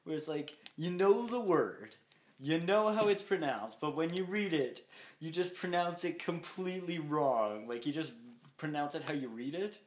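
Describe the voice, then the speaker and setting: A man's voice: fairly high pitch, animated, moderate pace. A young man co-hosting a podcast in casual chat, rambling and laughing often. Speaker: podcast co-host. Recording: echoey room, faint noise.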